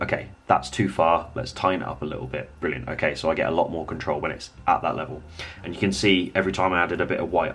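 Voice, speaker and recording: Deep-voiced man teaching miniature painting. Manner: relaxed, rambling, thinks aloud while working. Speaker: painting tutor. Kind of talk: casual hobby tutorial.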